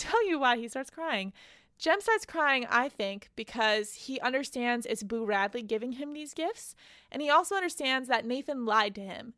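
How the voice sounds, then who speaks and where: A woman's voice: a little high, fairly bright tone, dry recording, clean studio sound. A woman hosting a podcast, retelling a novel's plot in a casual, chatty way with personal asides. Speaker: podcast host. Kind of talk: casual book recap.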